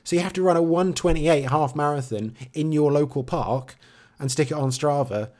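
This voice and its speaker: A man's voice: fairly high pitch, moderate pace, a little mellow. A man co-hosting a running podcast in casual chat, with dry, wry understatement. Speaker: podcast co-host.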